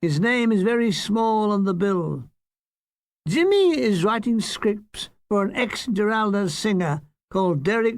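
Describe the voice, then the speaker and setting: A man's voice: high voice, dry recording. Older man reading his memoir, wryly. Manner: dry, wry comic delivery. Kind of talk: audiobook memoir narration.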